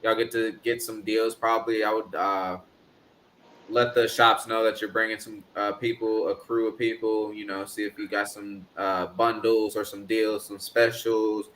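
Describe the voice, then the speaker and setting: A man's voice: fairly low pitch, flat delivery, normal speed, fairly bright tone, slight background noise. Rambling laid-back male stream host. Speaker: livestream host. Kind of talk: casual livestream chat.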